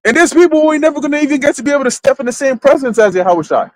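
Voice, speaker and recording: A man with a high voice preaches in a loose, conversational way during a church livestream. He stalls on fillers and repeats himself while he hunts for the right word, then pushes on with his point. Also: expressive, low-quality recording. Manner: halting, searches for words with many fillers. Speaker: church teacher. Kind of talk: conversational sermon in a live church stream.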